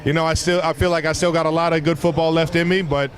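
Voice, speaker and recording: A man answering interview questions in a relaxed, halting way with many fillers. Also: fairly high pitch. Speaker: football player in press interview. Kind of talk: casual press answers. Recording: crowd noise behind, played clip. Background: crowd.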